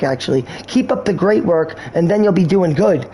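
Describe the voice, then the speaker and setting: A man's voice: high-pitched, animated, brisk, hardly any pauses, warm tone, a little hiss or hum. A man streaming a game, talking in a slangy, rambling and erratic way. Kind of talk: rambling casual stream talk.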